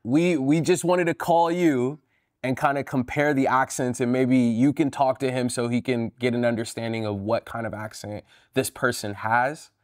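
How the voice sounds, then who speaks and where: A man's voice: mid-range voice, steady tone, moderate pace, darkish tone, no room sound, studio quality. Direct, incredulous male show host. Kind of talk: investigative show hosting and narration.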